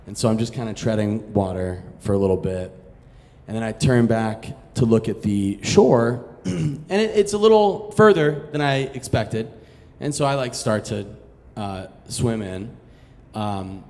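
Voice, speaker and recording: A man's voice: fairly low pitch, measured pace, warm tone, big-room sound. A man from Massachusetts telling a story on stage in a casual, profane, self-mocking way. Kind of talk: live storytelling.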